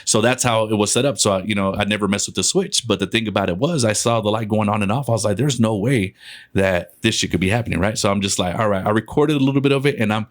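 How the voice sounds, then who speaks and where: A man's voice: on the low side, quick pace. A man from West Texas, a podcast guest, telling a ghost story in a loose, conversational way, swearing and laughing between lines.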